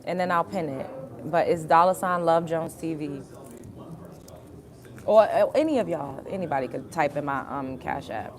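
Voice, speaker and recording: Talking at an ordinary speed, a young woman with a slightly low voice casually rants on her stream. Emphatic and foul-mouthed, she addresses the viewers head-on and circles back to the same point repeatedly.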